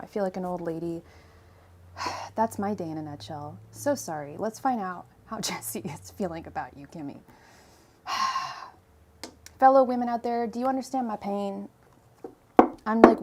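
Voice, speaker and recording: A woman's voice: mid-range voice, unhurried, pauses often, a little mellow, slight background noise. A young woman from Ireland hosting a tarot livestream, chatting casually and rambling as she greets viewers by name. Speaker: tarot reader and livestream host.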